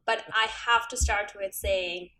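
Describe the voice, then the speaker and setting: Bright, rambling woman co-host. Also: mid-range voice, steady tone, measured pace. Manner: rambling, filler-heavy, laughing. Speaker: podcast co-host. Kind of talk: casual comic book chat.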